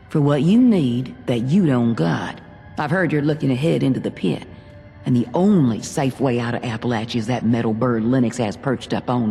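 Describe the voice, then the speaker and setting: An actor playing a gruff, folksy settlement leader who bargains bluntly, in a video game. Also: male voice, mid-range voice, a little mellow, natural voice. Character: gruff frontier settlement leader, man, middle-aged. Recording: game audio with music and reverb.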